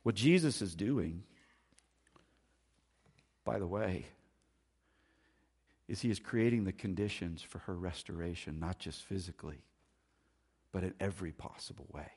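A male pastor delivering a sermon, shifting from loud, emphatic lines to hushed, quiet asides. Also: a little slow, pauses often. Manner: dynamic preaching, swinging between loud emphasis and hushed, low asides.

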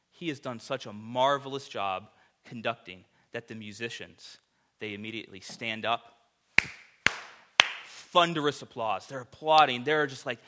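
Man, pastor, sermon, bright voice, casual animated delivery. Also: mid-range voice. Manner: conversational, animated preaching with fillers.

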